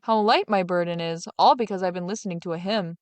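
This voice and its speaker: A woman's voice: on the low side, quick pace, dry recording, close to an everyday voice. A greedy, vengeful farmer, read by a woman, speaks bluntly and grumbles threats. It is a storybook voice close to a dry mic. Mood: grudging. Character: greedy, brutish male farmer Big Claus, vengeful.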